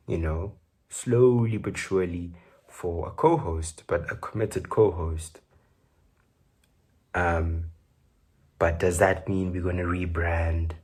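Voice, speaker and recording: A man's voice: deep voice, steady tone, takes it slowly, pauses often, darkish tone, breathy edge. A South African man with a South African accent, hosting his podcast in loose, joking solo chat full of fillers. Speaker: podcast host.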